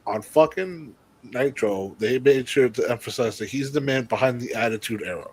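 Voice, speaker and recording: A man co-hosting a casual wrestling chat show, blunt and quick to swear, laughing often. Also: medium pitch, husky, poor audio. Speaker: podcast co-host.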